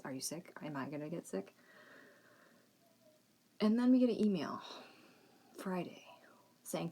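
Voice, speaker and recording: A woman in her thirties chats casually and frankly as a podcast host, her voice pitched on the low side. A faint hiss of background noise sits under the recording. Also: unhurried, long pauses. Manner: chatty, frank, fretful about the kids' schooling. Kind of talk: casual chat.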